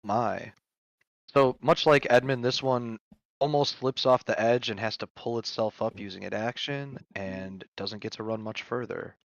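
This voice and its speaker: A man narrating as game master in a relaxed, easygoing way. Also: mid-range voice, a little slow, no room sound, lo-fi sound. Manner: relaxed, easygoing, chewing while talking.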